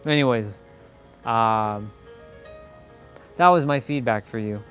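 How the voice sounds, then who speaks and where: A man's voice: mid-range voice, takes it slowly, a bit bright, soft background music. Blunt, rambling male livestream host. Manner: rambling, blunt, lots of "like" and restarts. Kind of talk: casual live-stream monologue.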